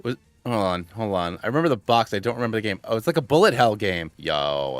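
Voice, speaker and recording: Man streaming a game, rambling and excitable, lowish voice, dry close mic, faint music. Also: fast, dry recording. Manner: rambling, excitable, many restarts and tangents. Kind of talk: casual gaming stream chat.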